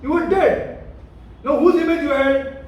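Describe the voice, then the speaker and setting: Male pastor, very high voice, emphatic and repetitive, distant mic in a very echoey room. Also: unhurried, a little mellow. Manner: repetitive, questioning the listeners, emphatic. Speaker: pastor teaching a Bible study. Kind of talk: interactive Bible study teaching.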